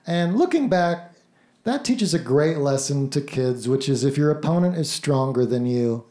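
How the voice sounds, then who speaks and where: Male stand-up with deadpan delivery, slightly high voice; echoey, noisy live club recording. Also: moderate pace. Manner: dry, deadpan punchlines with mock-earnest asides. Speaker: stand-up comedian. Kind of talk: stand-up set. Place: comedy club stage before a laughing crowd.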